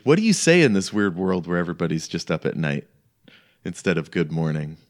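A man with a low, deep voice narrates as game master in a tabletop role-playing session. He talks casually, rambling and leaning on "like" as he sets each scene. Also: big pitch swings, fairly quick. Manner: casual, rambling, heavy use of "like".

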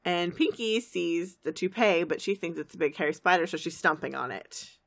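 A podcast co-host with a fairly low woman's voice recaps a cartoon episode at a moderate pace. She chats and giggles through a lively retelling.

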